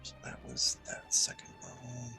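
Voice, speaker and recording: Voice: mid-range voice, very animated, unhurried, gravelly, pushed and bright, faint music behind. A player in casual tabletop game chat, speaking matter-of-factly.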